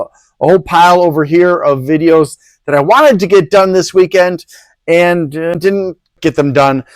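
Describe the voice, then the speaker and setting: A man with a high-pitched voice hosts a PC hardware review channel, recorded dry. He talks casually about products, rambling and tossing in sarcastic asides.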